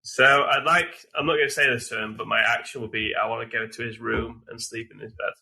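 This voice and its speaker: A man's voice: medium pitch, steady tone, brisk, creaky, pushed and bright, husky, poor audio. A man playing a tabletop game, talking in a playful, slightly hesitant way. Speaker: player.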